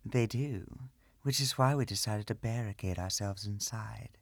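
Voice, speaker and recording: A man's voice: lowish voice, a little slow, dry recording, voice pushed up. A man doing a guarded priestess woman.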